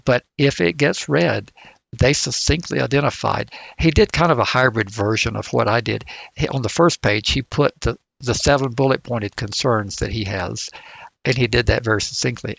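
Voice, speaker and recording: A man's voice: mid-range voice, gravelly, fairly bright tone, dry recording. A man co-hosting a podcast in casual chat, with a snarky manner. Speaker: podcast co-host.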